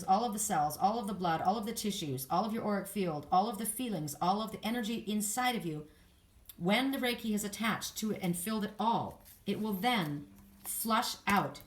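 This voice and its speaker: A woman giving a spiritual oracle card reading, speaking in an earnest, soothing way with affirmations. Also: medium pitch.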